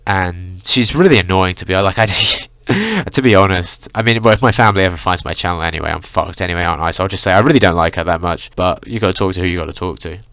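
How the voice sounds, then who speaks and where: A young man vents in a heated, swearing vlog rant, stuffed with "like" and "you know". His voice sits low for a man. The sound is dry and close, with no room echo. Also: expressive, quick pace, a bit bright. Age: young adult. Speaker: vlogger. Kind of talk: ranting vlog monologue.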